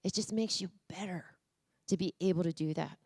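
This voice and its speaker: In a conference room, a woman speaking a little fast with a voice on the low side leads the audience through voice exercises. Her motivational talk is energetic and coaxing, directed right at the crowd.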